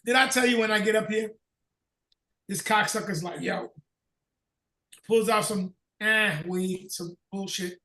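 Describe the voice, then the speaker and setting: A man with a Northern US accent telling a profane, animated story in casual chat on a video call. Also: high-pitched, unhurried, long pauses, roomy sound, recorded from a distance. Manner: profane, animated storyteller who acts out dialogue. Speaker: podcast host.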